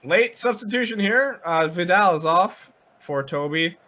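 Canadian male co-caster, bright tone, relaxed analytical game commentary. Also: sits high, a little slow. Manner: relaxed, agreeable, analytical about play. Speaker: esports commentator.

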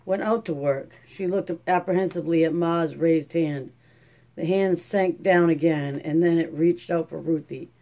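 A man reading a classic novel aloud in a steady, measured audiobook narration. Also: on the high side. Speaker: audiobook reader.

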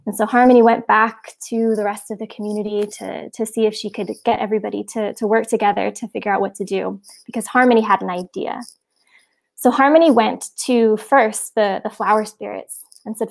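A woman telling a children's nature story on a livestream, gentle and unhurried. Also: mid-range voice, steady tone, gravelly.

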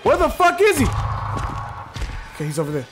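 Man, very high voice, AAVE, excitable gameplay commentary, swearing, game music behind. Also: brisk. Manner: excitable, profane, talks to the game and chat. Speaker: gaming streamer.

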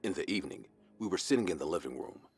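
Deep, husky male horror narrator. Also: lively intonation, quick pace, no echo. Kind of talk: scripted horror story narration.

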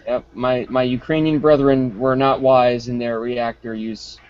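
A man's voice: medium pitch, fairly even intonation, slow pace. Ranting profane man on a muffled call. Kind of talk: casual live chat. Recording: muffled online call audio.

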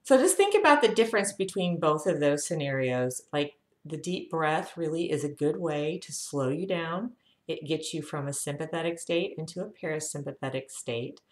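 A woman health educator leading viewers through a guided breathing lesson, talking calmly and counting breaths aloud. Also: deep voice, normal speed, echoey room.

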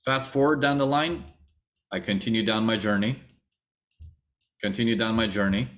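Animated low-voiced man teaching a webinar. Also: moderate pace. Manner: animated storytelling, acts out his past thoughts; repeats phrases for emphasis. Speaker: trading teacher. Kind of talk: webinar lecture.

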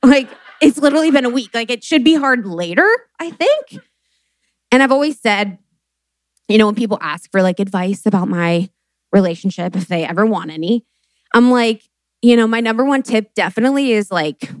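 A woman in her late twenties hosting a live podcast, telling stories in an animated, chatty way with lots of fillers and swearing. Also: a little high, normal speed, no echo. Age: late 20s. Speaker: podcast host.

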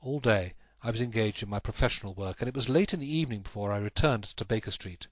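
A man narrating a classic story as a scripted audiobook, with a measured, even storytelling delivery. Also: on the low side, dry recording.

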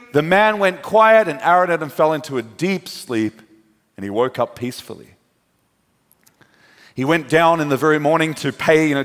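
A pastor with a fairly high, slightly bright voice delivers a sermon in a big church hall. He tells a story with drama, playing the people in it, while the hall's long reverb trails his words.

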